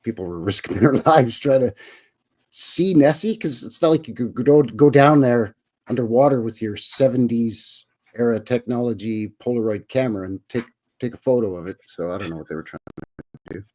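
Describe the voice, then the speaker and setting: A man's voice: mid-range voice, moderate pace, darkish tone. A man from Alberta with a Canadian accent co-hosting a casual, joking chat. He keeps leaning on "you know" and "right". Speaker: podcast co-host.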